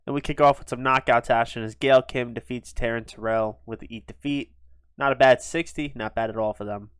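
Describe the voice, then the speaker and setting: A man talks through a wrestling sim game in quick, offhand casual commentary, full of fillers. His voice sits in the middle of the range and sounds dry and close. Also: mid-range voice, fairly even intonation, a bit bright, clean tone, no room sound. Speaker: gaming video host.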